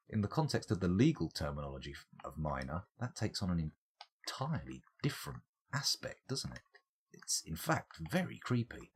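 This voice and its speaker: Chatty streamer, low and animated, jokes and mutters through play. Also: male voice, brisk, a little hiss or hum. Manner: chatty, joking, mutters at the game. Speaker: game streamer. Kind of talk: casual let's-play commentary.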